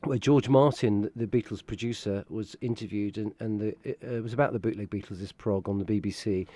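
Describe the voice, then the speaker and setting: A man's voice: lowish voice, steady tone, brisk, dark tone, no echo. Chatty man laughing through an interview. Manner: chatty, laughing, rambling with fillers. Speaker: tribute band member. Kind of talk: casual interview chat.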